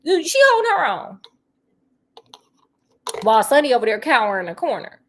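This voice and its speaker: A woman chats while cooking. Her voice sits a little high. She talks in a sassy, gossipy way, full of honey and girl. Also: big pitch swings, moderate pace. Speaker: vlogger. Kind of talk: casual chat while cooking.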